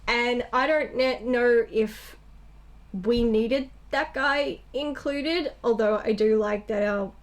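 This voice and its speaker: A young woman co-hosting a casual movie review chat, animated and blunt, acting out characters' lines as she talks. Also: a little high, slow. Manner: animated, acts out characters' lines, swears freely. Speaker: co-host.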